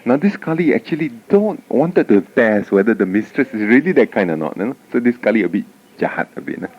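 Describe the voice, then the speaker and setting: On a dull lo-fi tape from 1989, a man with a mid-range voice speaks a little fast as he delivers a Buddhist dharma talk. His storytelling is animated, and he keeps tagging his sentences with "huh?".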